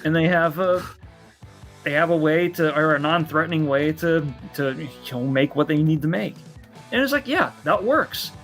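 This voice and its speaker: A man's voice: on the high side, normal speed, a bit bright, soft background music. A man co-hosting a comedy podcast, telling a rambling travel story with lots of swearing and laughter. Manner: rambling, profane, laughs a lot. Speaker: podcast co-host. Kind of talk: casual chat.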